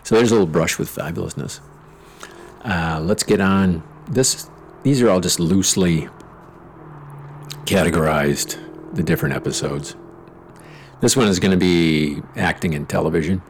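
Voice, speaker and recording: Middle-aged male podcast host, deep and gravelly, loose profane storyteller, faint noise behind. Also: moderate pace, pauses often. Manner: rambling, profane, sarcastic, with asides. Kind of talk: casual storytelling monologue.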